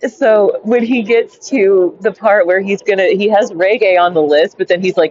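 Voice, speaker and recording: A woman's voice: medium pitch, steady tone, moderate pace, few pauses, darkish tone. Rambling woman reading with giggly asides. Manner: digressive, giggly, many "like" and "right?" fillers. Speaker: storyteller reading and commenting on her own anecdote. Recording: dull lo-fi home recording.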